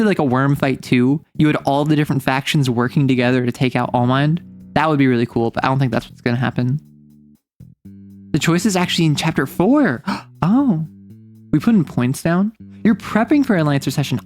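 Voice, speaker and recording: A woman's voice: low-pitched, a little mellow. A young adult woman streaming a game, chatting casually and joking with mock indignation.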